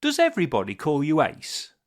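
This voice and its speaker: A man's voice: fairly high pitch, wildly swooping pitch, fairly quick. A man co-hosting a podcast, bantering in a jokey, self-deprecating way. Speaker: podcast co-host. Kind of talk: casual podcast chat.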